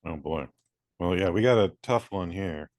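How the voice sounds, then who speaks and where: Male co-host, low voice, deadpan and rambling, dry close recording. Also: moderate pace, no echo. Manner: deadpan, rambling absurd storytelling with stammers. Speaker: podcast co-host. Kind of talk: casual chat.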